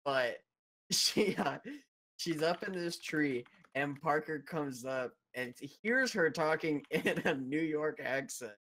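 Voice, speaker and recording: A man's voice: fairly high pitch, slow. Young man telling a story through laughter. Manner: animated storyteller, keeps laughing mid-sentence and saying "dude". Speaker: co-host. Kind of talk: casual chat on a live-streamed show.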